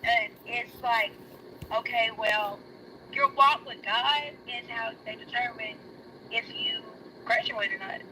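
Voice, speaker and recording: Bright-voiced woman, emotional testimony. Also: a little hiss or hum, rough recording. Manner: emotional, rushed, voice cracks high in quotes. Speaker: guest. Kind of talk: casual personal testimony.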